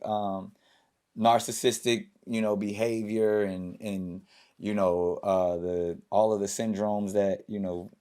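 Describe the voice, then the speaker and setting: A man in his forties hosting a casual interview, animated with bursts of laughter and halting, filler-heavy phrasing. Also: on the low side. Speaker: podcast host.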